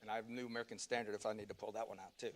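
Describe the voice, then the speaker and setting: Man teaching a relaxed church class. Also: lowish voice, very fast. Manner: conversational, loose, with many fillers and restarts. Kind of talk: casual Sunday class teaching.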